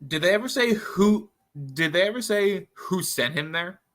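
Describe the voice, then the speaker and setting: A man co-hosting a podcast, chatting casually with quick reactions and teasing quips. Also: sits high, expressive, fairly bright tone. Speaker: podcast co-host. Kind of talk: casual chat.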